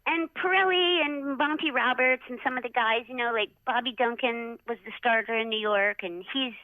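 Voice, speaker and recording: High-voiced animated woman telling stories. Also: normal speed, dry recording. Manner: animated, acts out quotes in a raised voice, many "like"s. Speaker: retired jockey, interview guest. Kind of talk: casual storytelling interview. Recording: dull, dry lo-fi sound.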